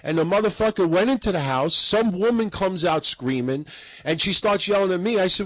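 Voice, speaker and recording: A man co-hosting a talk show, telling a profane, heated story and acting out a shouting match. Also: sits high, lively intonation, normal speed, no echo, rough recording. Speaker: podcast co-host.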